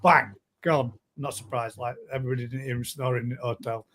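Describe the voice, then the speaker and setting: A man's voice: mid-range voice, steady tone, brisk, fairly bright tone. A man with a Northern English accent hosting a casual live chat show, chatty and laughing often, with broad dialect words. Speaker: show host.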